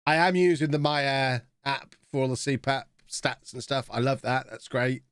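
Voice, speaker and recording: A man's voice: mid-range voice, moderate pace, fairly bright tone, clean tone, no echo. A man in his thirties, chatting casually with viewers while reacting to a live game stream.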